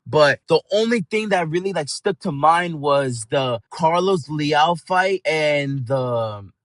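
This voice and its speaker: A man's voice: fairly high pitch, no echo. A man giving a casual fight recap as a channel host, talking in a heated, profane, rambling way.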